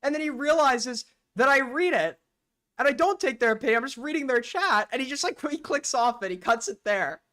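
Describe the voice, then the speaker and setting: A man's voice: extremely high pitch, lively intonation, a little fast, pushed and bright. A man commenting on clips on his stream, blunt and mocking, with frequent swearing.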